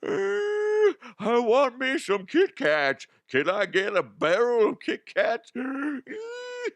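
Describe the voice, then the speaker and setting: A man putting on a whiny, out-of-breath character who craves candy, in a squeaky voice. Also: huge pitch swings, takes it slowly, no room sound, heavily acted. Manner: high-pitched, whining, out of breath.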